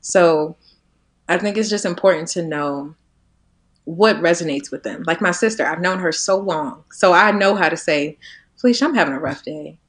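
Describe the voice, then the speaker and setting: A low-voiced woman in her twenties chatting as a podcast guest. She talks in a reflective way, laughs easily, and lets her sentences drop quieter as each thought winds down. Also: normal speed. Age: 20s. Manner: reflective, laughing often, drifting softer at ends of thoughts. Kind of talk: casual conversation.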